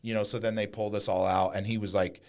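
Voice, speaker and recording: A man's voice: lowish voice, level tone, fast, gravelly. A young adult man telling brash, profane stories in casual podcast chat. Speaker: podcast guest.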